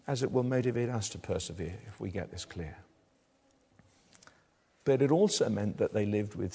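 A man's voice: high voice, slightly rough. A man preaching a sermon in a conversational way, asking his listeners tag questions and often restarting his words. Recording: long hall reverb.

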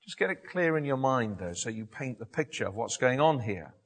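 A man preaching a sermon, telling a Bible story in an animated way with frequent restarts and self-corrections. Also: mid-range voice, fairly quick.

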